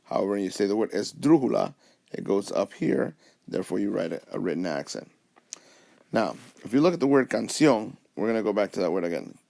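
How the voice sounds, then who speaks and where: Gravelly low-voiced man teaching a lesson. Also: animated, fast talker, warm tone. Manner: patient, explains step by step, often checks with "okay?". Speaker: Spanish teacher. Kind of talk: recorded whiteboard lesson. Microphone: tablet recording.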